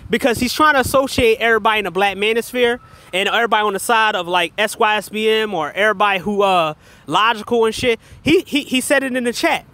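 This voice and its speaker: Brief: a high-voiced man with a sharp, bright tone rants heatedly on a livestream, profane and repetitive, and calls out his chat directly. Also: fast talker, no room sound. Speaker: livestream commentator.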